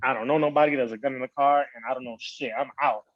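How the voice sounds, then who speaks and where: A man's voice: medium pitch, fast, dry recording, dull audio. A man on a podcast telling a story in casual slang, acting out what people said. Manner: animated, slangy storytelling with quoted voices. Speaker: podcast host.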